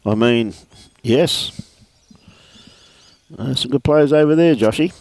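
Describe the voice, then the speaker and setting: A man's voice: medium pitch, takes it slowly, long pauses, darkish tone, dry recording. A man commentating lawn bowls in a laid-back, jokey way. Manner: laid-back, chatty, jokey, calls players mate.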